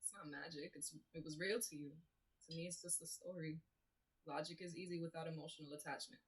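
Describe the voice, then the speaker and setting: An actor playing a blunt, level-headed young woman who talks in a calm, matter-of-fact way during a stage play reading. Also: low-pitched, a little fast, close to an everyday voice, poor audio.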